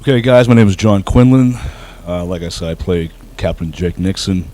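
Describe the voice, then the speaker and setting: A man's voice: low voice, moderate pace, warm tone, rough recording. A man being interviewed about his acting role, speaking humbly with many fillers and restarts. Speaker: actor guest. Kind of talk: casual interview.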